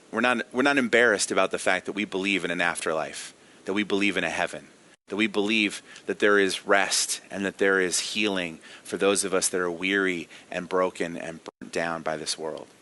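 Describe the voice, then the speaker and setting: A man's voice: deep voice, pushed and bright. A man giving a daily devotional sermon as a pastor, earnest and emphatic, putting direct questions to his listeners.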